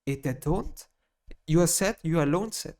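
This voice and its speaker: A man's voice: a little high, expressive, normal speed. Ranting man in non-native English. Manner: swings between muttering and loud outbursts; blunt, heavy swearing, repeats phrases. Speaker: gaming YouTuber. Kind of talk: rambling ranting vlog monologue.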